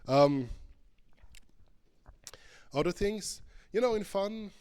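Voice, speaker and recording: A man's voice: high-pitched, animated, drawn-out words, a little mellow, smooth. Chatty man giving a playful keynote. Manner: chatty and playful, thinking aloud with many ums and restarts. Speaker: keynote speaker, professor. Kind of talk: conference keynote with live game demo. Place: conference stage.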